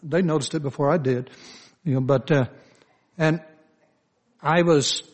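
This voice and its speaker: An older man with a Southern accent delivers a sermon like a homespun story. He talks slowly and loosely, padding his sentences with "you know" and "uh" as he goes. His voice sits a touch higher than most men's. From Southern United States. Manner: slow, folksy storytelling with frequent "you know, uh" fillers. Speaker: preacher.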